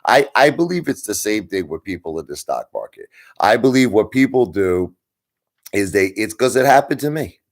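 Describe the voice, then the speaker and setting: A man's voice: fairly low pitch, very animated, moderate pace. A man hosting a livestream, ranting bluntly at his viewers, swearing and mocking them. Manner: blunt, swearing, mocks viewers in put-on voices. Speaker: livestream host.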